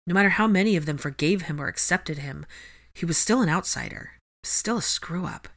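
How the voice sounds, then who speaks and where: Woman narrator, fan fiction reading, steady measured delivery, deep low voice. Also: gravelly. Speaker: audiobook reader.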